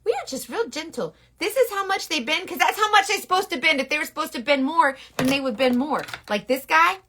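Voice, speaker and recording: A woman's voice: high voice, fairly quick, sharp tone. A woman makeup artist talking through a casual makeup tutorial in a rambling, playful, sassy way. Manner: sassy slangy talk.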